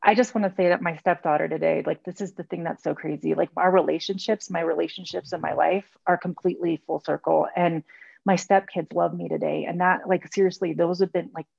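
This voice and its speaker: A middle-aged woman shares her story over a video call, rambling and circling back with lots of fillers. Her voice is gravelly and a bit low. The audio is dull and lo-fi, with a dry sound. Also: steady tone, brisk, a little mellow, no echo. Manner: rambling, many fillers and restarts. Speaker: speaker sharing at a recovery meeting. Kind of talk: heartfelt personal share.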